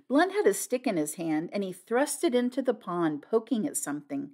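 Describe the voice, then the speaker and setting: A woman narrating an audiobook in an expressive, scripted reading. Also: medium pitch, moderate pace, hardly any pauses.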